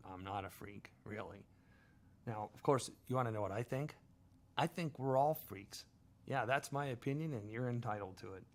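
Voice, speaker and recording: A middle-aged man hosting a talk radio show, telling a long story in a wry, self-mocking way. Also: mid-range voice. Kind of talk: storytelling monologue.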